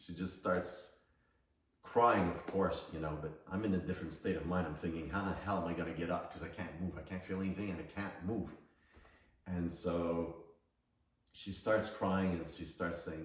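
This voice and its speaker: A low-voiced middle-aged man tells his personal story in a relaxed, motivational way. He speaks casually, as a coach would to a class. The sound is roomy, with a strong echo, and he is set back from the mic. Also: fairly quick. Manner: casual, storytelling, laughs between lines. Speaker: psychic medium and coach. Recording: very echoey room, distant from mic.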